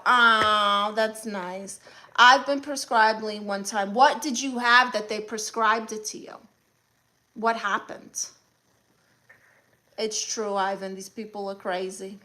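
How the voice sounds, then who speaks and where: Sassy Brooklyn woman with a bright voice. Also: fairly high pitch. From Brooklyn, New York. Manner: sassy, blunt, quick comebacks. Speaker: comedian hosting a live stream. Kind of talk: live stream, reading out chat comments.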